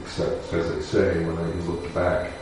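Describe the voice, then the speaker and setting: Deep-voiced man in an echoey room. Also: completely flat delivery, recorded from a distance, noisy background. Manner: measured, somber, with pauses and fillers. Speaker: defense lawyer. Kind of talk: personal storytelling talk. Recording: echoey room picked up from afar.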